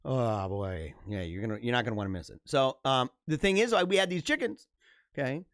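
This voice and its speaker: A man hosting a live stream, chatting casually in a rambling, energetic way and laughing often. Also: medium pitch, brisk, no room sound, studio quality. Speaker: livestream host.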